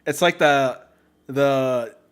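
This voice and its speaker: A man hosting a podcast in casual chat, rambling and excitable, with many fillers. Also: medium pitch, drawn-out words, clear, resonant tone. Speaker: podcast host.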